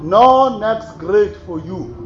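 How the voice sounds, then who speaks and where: A man preaching a sermon, animated, swinging between loud exclamations and quiet asides with frequent laughs. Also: sits high, slow pace, faint music behind. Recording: slightly dull recording with faint room ambience.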